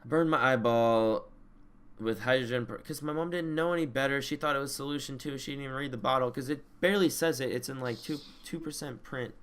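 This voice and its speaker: A young man co-hosting a podcast, telling a story in a rambling, casual way with lots of swearing and loud re-enacted yells. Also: mid-range voice, a little fast, clear, resonant tone. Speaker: podcast co-host. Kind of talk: casual chat.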